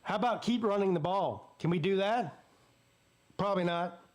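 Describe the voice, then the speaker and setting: Male host with a Southern accent, high voice, live game reaction, excitable play-by-play. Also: normal speed. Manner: excitable play-by-play, jumps up in pitch on big plays. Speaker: sports streamer host. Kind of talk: live watch-party commentary.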